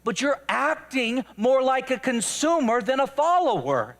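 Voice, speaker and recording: A man voicing a calm, patient teacher. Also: extremely high pitch, a little slow, pitched above the performer's own voice, heavily acted. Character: calm adult male teacher, patient and firm.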